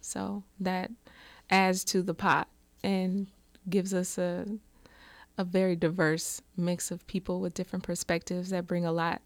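A middle-aged woman in a casual panel chat, telling stories with loud, animated outbursts. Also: fairly low pitch, no room sound. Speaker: panel guest.

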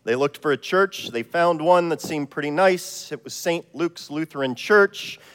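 A man from Ohio preaches in a casual, self-deprecating way, telling stories as he goes. His voice sits high for a man, and the long reverb of a church sanctuary trails after each phrase. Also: a little slow, fairly bright tone, smooth. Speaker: pastor. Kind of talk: sermon.

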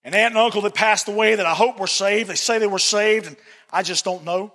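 High-voiced man preaching in a reverberant hall. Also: a little fast, fairly bright tone. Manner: earnest, repeats phrases for emphasis. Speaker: pastor. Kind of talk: sermon. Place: church sanctuary.

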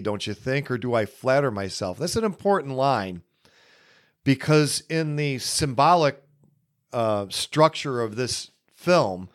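A man hosting a podcast, giving casual solo film commentary in an unhurried, musing way with many pauses. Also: medium pitch. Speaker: podcast host.

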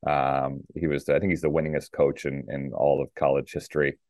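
A middle-aged man from Minnesota, a former pro tennis player, telling his story in a relaxed interview with lots of fillers and restarts. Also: a bass voice, a little fast, dry recording, studio quality. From Minnesota, USA. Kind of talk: casual interview talk.

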